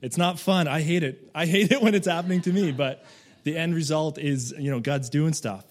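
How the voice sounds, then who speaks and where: A man's voice: on the high side, moderate pace. A man giving a loose, conversational sermon, full of fillers and asides, who once lived in Canada. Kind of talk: casual sermon.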